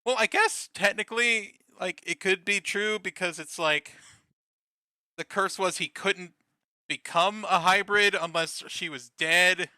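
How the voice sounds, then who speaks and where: Bright-voiced man swearing through a laughing recap. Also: sits high, measured pace, no room sound. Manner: swears constantly, laughs often, loose and joking. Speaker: podcast co-host and author. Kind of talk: casual episode recap chat.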